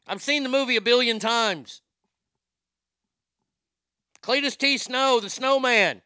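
Male host, profane comedic rant, high bright voice, dry close sound. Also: unhurried, pauses often, smooth, dry recording. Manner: animated, swings from shouting to muttering. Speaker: show host.

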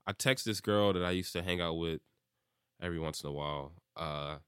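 A man's voice: sits low, brisk, fairly bright tone, clean tone, no room sound, clean studio sound. A young man telling a rambling drunk story in casual chat, laughing often and filling with "like.".

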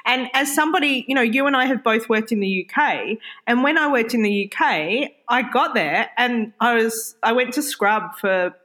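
A woman in her forties from Australia, co-hosting a podcast in casual chat, talking in an animated, frank way with mild swearing. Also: a little high, moderate pace, few pauses. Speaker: podcast co-host.

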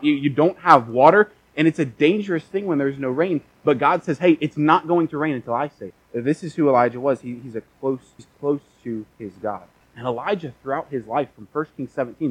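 A man preaching a sermon, telling a scripture story in casual modern words with lively restarts, and reading passages aloud. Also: on the high side, husky, low-quality recording. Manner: reads scripture aloud in old-fashioned wording.

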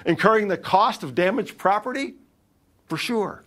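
A middle-aged man preaching a sermon in an earnest way, with dramatic pauses and shifts between loud and quiet. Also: sits high, animated. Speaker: pastor.

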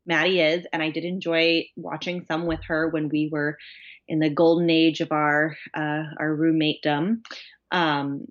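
A woman co-hosting a casual podcast tells a story with animated energy, lots of "um" and "like" along the way. Her voice sits on the low side for a woman. The recording sounds dull and lo-fi. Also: measured pace. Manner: animated storyteller, laughing, many fillers. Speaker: podcast co-host. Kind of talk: casual chat.

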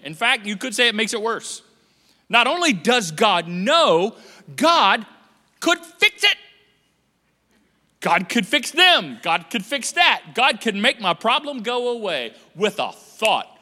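A man preaching a sermon as pastor, animated and joking, acting out the voices of people he quotes. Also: sits high, unhurried. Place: church auditorium. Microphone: handheld microphone on stage. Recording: echoey church hall.

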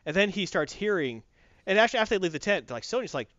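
A man with a high-sitting voice retells a show off the cuff, animatedly performing the characters' lines in rapid voices. The lo-fi recording is dry, with no room sound.

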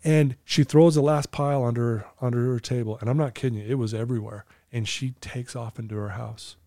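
A man's voice: medium pitch, steady tone, brisk, dark tone, no room sound, studio quality. A man in his fifties, a recovery coach, telling a personal story as a podcast guest in an earnest, emotional way, laughing easily.

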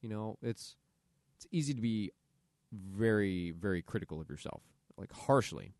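Guy hosting a podcast, lowish voice that swings up and down a lot, earnest pep talk, dry sound. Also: lively intonation, moderate pace, darkish tone, dry recording. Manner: earnest, conversational, acts out quoted inner voices. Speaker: podcast host. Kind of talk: motivational solo talk.

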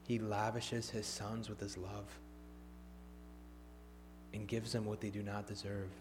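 A man preaching a sermon, swinging from emphatic, raised lines to hushed, near-whispered ones. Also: on the low side, flat delivery, a little slow, noisy background.

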